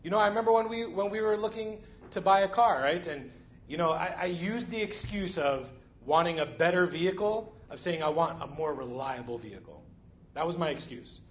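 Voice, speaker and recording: A man's voice: high-pitched, a little fast, dull audio. A man preaching a sermon in a conversational way, often checking in with the congregation. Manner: conversational, frequent "right?" and "you know".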